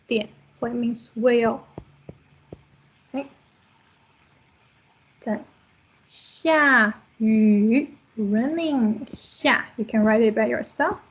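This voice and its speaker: A woman's voice: on the high side, breathy edge, highs cut off. A woman teaching a language class online, explaining patiently step by step over a video call.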